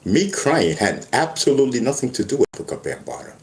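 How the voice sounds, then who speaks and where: Speaking fast in a mid-range voice, a man addresses the camera casually from an echoey room. He stumbles and restarts again and again while animatedly telling his stories.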